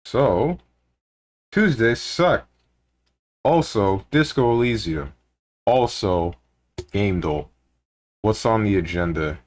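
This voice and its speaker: A man's voice: on the low side, lively intonation, slow, long pauses. A man streaming live, chatting casually and grumbling to his chat. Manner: laid-back, grumbling, talks to chat.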